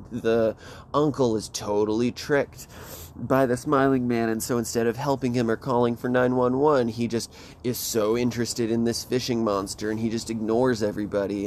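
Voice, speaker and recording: A man retelling a book plot in casual chat, rambling and animated and swearing often. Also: medium pitch, a little hiss or hum.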